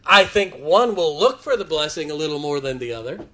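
A man's voice: a little high, very animated, fairly quick, fairly bright tone. A male pastor, preaching a sermon with rising, emphatic declarations and playful asides.

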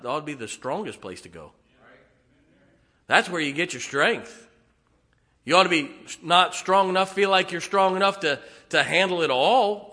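A man's voice: on the high side, sharp tone. A man preaching a sermon in a conversational, emphatic way, chuckling and acting out little quotes as he goes. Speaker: pastor.

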